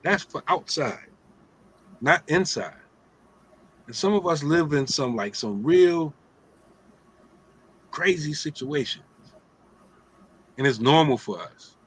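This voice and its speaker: A man's voice: on the high side, lively intonation, takes it slowly, pauses often, slightly rough, low-quality recording. A middle-aged man hosting a casual religious talk, streetwise and joking, often asking "right?". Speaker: host of an Islamic talk show.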